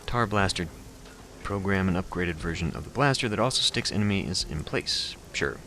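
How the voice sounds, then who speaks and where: A man's voice: low-pitched, lively intonation, normal speed, bright, forceful tone, slight background noise. A man playing a video game, thinking aloud hesitantly and reading the game's text aloud. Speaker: let's play host.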